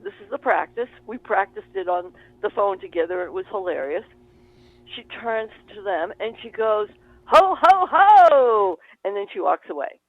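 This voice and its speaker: A woman telling a story in casual conversation, animated and laughing as she talks. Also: mid-range voice, moderate pace, no room sound. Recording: tinny phone line.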